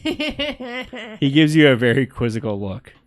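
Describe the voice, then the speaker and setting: A man's voice: fairly high pitch, huge pitch swings, takes it slowly, no echo, clean studio sound. A man narrating a tabletop game as game master, loose and casual, often laughing.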